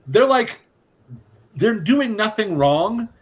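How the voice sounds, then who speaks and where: A man hosting a casual podcast discussion, measured and hedging, often with filler "like". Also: high-pitched, big pitch swings, breathy edge. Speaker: podcast host. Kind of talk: casual chat.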